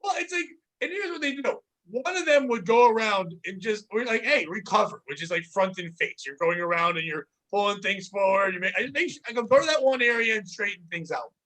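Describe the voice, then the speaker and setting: A man hosting a casual comedy podcast, rambling through work stories with animated retellings. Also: sits high, fairly quick, few pauses. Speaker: podcast host.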